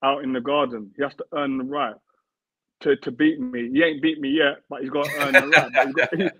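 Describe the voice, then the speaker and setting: This casual interview features a thirty-something ex-footballer as the guest, speaking in earnest and repeating phrases while he develops his argument. His medium-pitched voice is a bit bright, fairly quick and fairly even in intonation. The sound is tinny and phone-like, coming through a dry remote connection.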